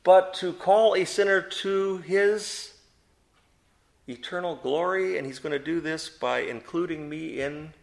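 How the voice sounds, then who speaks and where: A man's voice: fairly high pitch, unhurried, creaky. A man teaching a Bible study to a group, asking them questions and answering them himself, with emphatic stress on key words.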